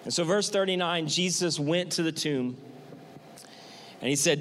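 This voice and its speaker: A man's voice: fairly high pitch, normal speed, long pauses, a bit bright, slight background noise. A male pastor preaching a sermon in a conversational, emphatic way with frequent repetition.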